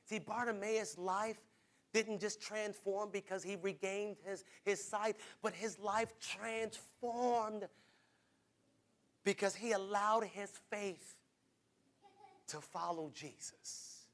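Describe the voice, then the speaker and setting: A male preacher with a very high, bright voice. He delivers his sermon in rhythmic repeated phrases, rising from hushed lines to full shouts as he speaks straight to the congregation. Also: fairly even intonation, takes it slowly. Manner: calls on the congregation directly.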